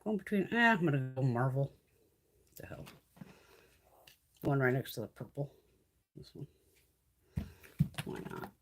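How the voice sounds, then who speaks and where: A woman's voice: extremely low pitch, sing-song, measured pace, long pauses, slight background noise. A woman beauty vlogger chatting casually on a live stream while doing her makeup, blunt and full of swearing.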